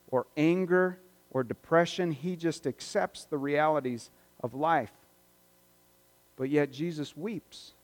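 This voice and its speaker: Reflective pastor in a reverberant hall. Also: male voice, on the high side. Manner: conversational, reflective, swings between loud and hushed. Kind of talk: sermon. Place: church sanctuary. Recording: long reverb of a church hall.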